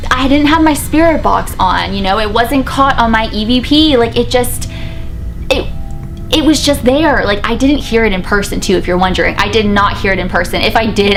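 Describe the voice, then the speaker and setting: A young woman chatting excitedly in a casual vlog about a paranormal investigation, with lots of fillers. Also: fairly high pitch. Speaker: paranormal vlogger.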